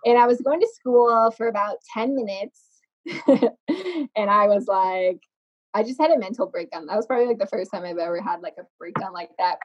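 A woman's voice: medium pitch, a little fast, breathy edge. A young woman makeup artist telling her story in a casual interview, chatty, laughing often and using lots of fillers. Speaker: podcast guest, makeup artist. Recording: slightly dull lo-fi sound.

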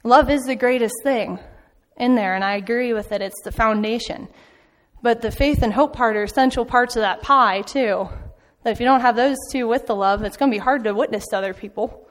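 A woman's voice: fairly high pitch, brisk. A woman giving an informal sermon in a church, telling stories in a chatty way with frequent ums. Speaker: church speaker back from a mission trip. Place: church sanctuary. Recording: long hall reverb.

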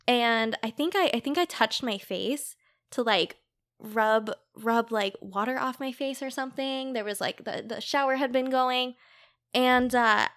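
Giggly high-voiced young woman. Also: a bit bright. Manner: giggly, storytelling with lots of "like". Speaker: guest, cam model. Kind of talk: casual podcast chat.

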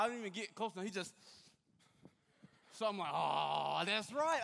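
A young man giving a sermon, telling a lively personal story and acting out the voices of the people in it. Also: sits high, creaky. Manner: animated storyteller, acts out voices and shouts. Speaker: youth pastor. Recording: long hall reverb.

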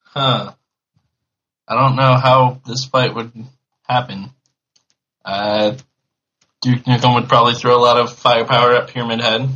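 A man's voice: medium pitch, little pitch movement, measured pace, long pauses, bright, forceful tone, lo-fi sound. A man on a podcast panel, talking with offhand, mocking humor. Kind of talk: casual podcast banter.

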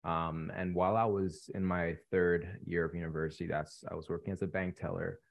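A young man in his twenties from Canada, a guest telling his story in a relaxed interview with many ums. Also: sits low, brisk, gravelly. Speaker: podcast guest, real estate investor. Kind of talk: casual interview chat.

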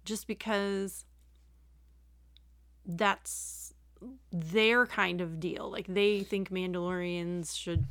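A middle-aged woman talks in a relaxed, animated way as a podcast co-host, recorded on a home microphone. The sound is dry and close. She laughs easily and acts out the lines she quotes. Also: on the low side, drawn-out words, pauses often, dry recording. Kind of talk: casual chat. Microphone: home computer microphone, remote call.

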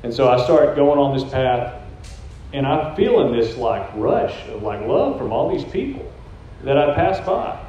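A man's voice: mid-range voice, big pitch swings, a little slow, warm tone, slight background noise. A man, a church prophetic team leader, giving a personal testimony in an earnest, conversational storytelling way into a handheld mic in a church room. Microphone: handheld microphone. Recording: echoey, dull-sounding church room recording.

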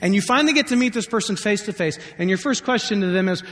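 A man's voice: high-pitched, lively intonation, fast talker, fairly bright tone. A man preaching a sermon as pastor, conversational and joking, acting out scripture quotes. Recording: long hall reverb.

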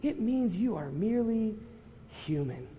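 A male pastor preaching to a congregation, conversational with loud impassioned rises. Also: sits high, very animated, a little slow, a little hiss or hum. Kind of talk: sermon. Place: church hall with congregation. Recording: reverberant hall with faint ambience.

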